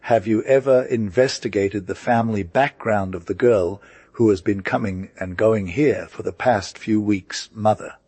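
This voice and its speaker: A man's voice: lowish voice, darkish tone, no room sound, natural voice. A man reading as an earnest young merchant. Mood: serious. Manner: intense, measured. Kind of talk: audiobook character reading.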